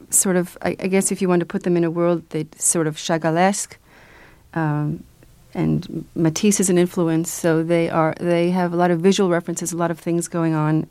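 A woman's voice: fairly low pitch, warm tone, clear, resonant tone, dry recording. Hesitant woman guest, dry studio sound. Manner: hesitant, many restarts and fillers, laughs easily. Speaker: guest, children's book author and illustrator. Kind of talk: radio interview.

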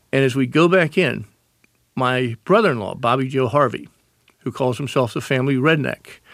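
A man, a radio interview guest telling animated stories and acting out the voices of family members. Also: medium pitch, vocal fry, no room sound, studio quality. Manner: animated storyteller, acts out quoted voices.

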